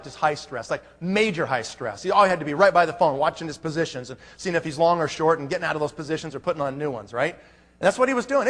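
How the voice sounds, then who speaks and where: A man's voice: on the high side, a bit bright. A man speaking at a business conference, telling a story from the stage and acting out both sides of his phone calls. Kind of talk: motivational conference talk. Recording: long hall reverb.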